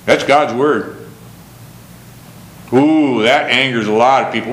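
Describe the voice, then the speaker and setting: A man preaching a sermon, earnest, swinging from emphatic questions down to low, slow passages. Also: a bit bright, reverberant, a little hiss or hum, rough recording.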